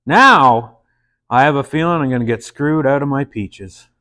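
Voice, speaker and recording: A man's voice: medium pitch, moderate pace, pushed and bright, natural voice. A man voicing a weary farmer selling peaches door to door in a told joke, in a plain, folksy, glum way.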